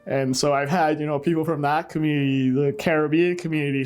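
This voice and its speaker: A man's voice: a little high, flat delivery, a little fast, few pauses, a little mellow, soft background music. A middle-aged man from Trinidad telling his story in an oral history interview, reflective and laughing wryly at painful memories. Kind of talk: personal storytelling.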